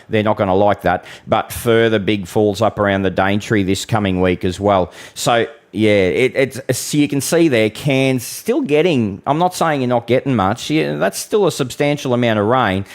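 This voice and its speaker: An Australian man hosting a live weather stream, talking bluntly and chattily to viewers, calling them mate. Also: on the low side. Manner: occasional mild swearing. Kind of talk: casual live-stream forecast with audience Q and A.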